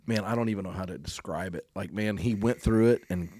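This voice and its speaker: Very deep-voiced man chatting. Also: a little fast, a little mellow, slightly rough. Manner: agreeable, many yeahs and rights. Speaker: podcast co-host. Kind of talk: casual chat.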